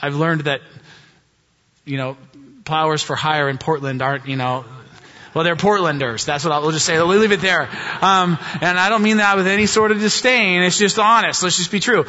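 A man preaching a sermon, chatty and self-mocking, with a bright, forward and slightly high voice. He sounds like a pastor talking to his congregation. The recording has a long church-hall echo and a dull, lo-fi quality. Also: fairly even intonation, moderate pace. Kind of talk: sermon with a humorous personal story.

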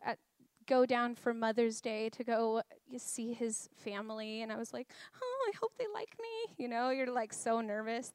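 A woman's voice: on the high side, smooth, dry recording, clean studio sound. Chatty woman telling a church testimony. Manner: chatty, animated storytelling with laughs. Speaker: speaker at a church. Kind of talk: personal testimony sermon.

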